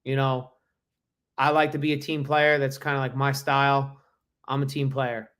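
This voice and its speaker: A man's voice: mid-range voice, level tone, moderate pace, a bit bright. A man hosting a reaction show, making casual, critical asides as he comments on a clip. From Navy veteran.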